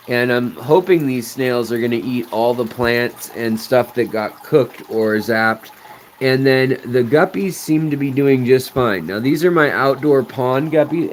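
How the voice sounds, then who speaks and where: A man of medium pitch hosts a casual live stream and talks viewers through their questions. He rambles as he explains, stacking up "um"s and "like"s and restarting his sentences. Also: slight background noise. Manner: rambling, explanatory, many fillers. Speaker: aquarium channel host.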